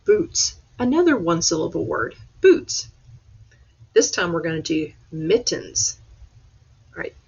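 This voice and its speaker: Patient woman teacher, husky low voice, dull webcam sound. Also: very animated. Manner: slow, patient step-by-step instruction. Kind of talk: remote class lesson.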